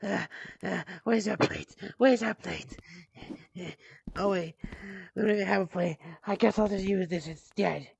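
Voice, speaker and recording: Woman doing a puppet creature, sulky, defiant, gravelly, toy play-acting. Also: a little slow, darkish tone, lo-fi sound, slight background noise. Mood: puzzled. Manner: defiant, sullen, low muttering.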